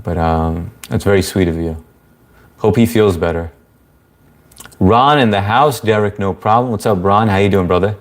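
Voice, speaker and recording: A low-voiced man from an Indian family background hosts a casual livestream, reading comments and chatting at a moderate pace. He's laid-back and rambling, with many fillers.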